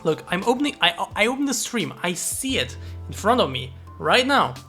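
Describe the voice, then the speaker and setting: Lively chatty woman streamer. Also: medium pitch, moderate pace, faint music behind. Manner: chatty, swears casually, greets and thanks viewers. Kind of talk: casual live-stream chat.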